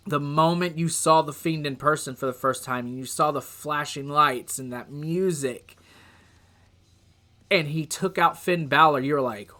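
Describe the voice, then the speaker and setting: Slow, rambling young man commentator. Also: on the high side, bright, forceful tone. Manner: loose, rambling, with drawn-out pauses and muttered asides. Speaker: host. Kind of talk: casual countdown commentary.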